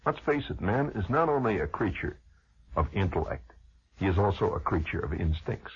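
On a dull-sounding lo-fi radio recording, a man with a low, slightly rough voice talks at normal speed. His conversational monologue is a humorous, rambling childhood tale, told in an animated way with plenty of digressions.

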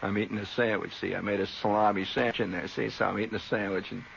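A man's voice: on the low side, little pitch movement, fast, vocal fry, fairly bright tone. A man telling a long story on the radio in a rambling, conversational way full of asides and tag questions, heard on a slightly dull old radio recording with faint hiss.

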